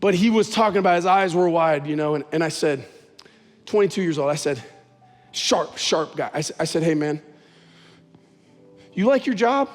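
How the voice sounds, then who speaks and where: A man's voice: a little high, fairly quick, in a large hall, faint music behind. A man preaching a sermon as pastor, talking conversationally and telling stories with animation.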